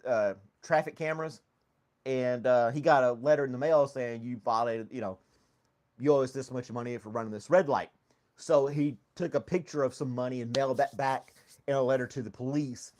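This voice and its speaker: Man, casual podcast host, chatty, laughs a lot, mid-pitched voice, home studio. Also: a little mellow. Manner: chatty, laughs often, talks to his dog. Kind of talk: casual live-stream chat. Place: home studio with foam on walls.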